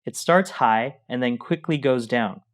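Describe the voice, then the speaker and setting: A man of ordinary pitch explains pronunciation rules in a calm, friendly lesson tone. He speaks plainly, as a co-teacher. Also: measured pace. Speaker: Mandarin co-teacher.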